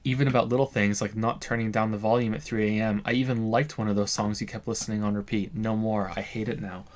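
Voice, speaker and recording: A man's voice: fairly low pitch, little pitch movement, quick pace, lightly acted. A man voicing an exasperated former bar manager woman on the phone, reading game dialogue aloud with weary, blunt reproach.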